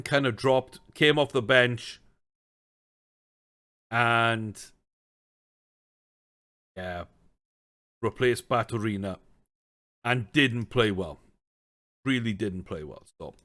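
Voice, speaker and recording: A man streams himself playing a football management game and talks it through in a casual, chatty way. His voice sits at an ordinary middle pitch. He thinks out loud and now and then breaks into exasperated rants. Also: slow pace, long pauses. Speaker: gaming streamer. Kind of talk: casual let's-play commentary.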